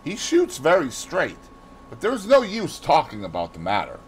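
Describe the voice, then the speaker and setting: Lord Henry is a cool, worldly older gentleman in a storybook reading, dry and dismissive in an even tone, as a male narrator reads him. A faint hiss sits behind the voice. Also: a little high, moderate pace, voice pushed up.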